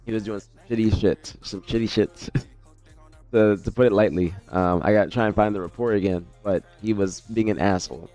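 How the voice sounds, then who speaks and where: A man's voice: on the low side, steady tone, fairly quick, dark tone, faint music behind. A man streaming live, talking casually in a loose, rambling way, correcting himself mid-sentence and swearing now and then.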